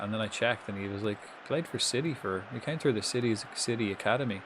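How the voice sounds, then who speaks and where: A man with a fairly low voice talks through a football game on a live stream, chatty and quick to swear. He reacts out loud to every moment on the pitch. A clear layer of noise runs behind his voice. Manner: chatty, swears freely, reacts loudly to the match. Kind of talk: casual live gameplay commentary.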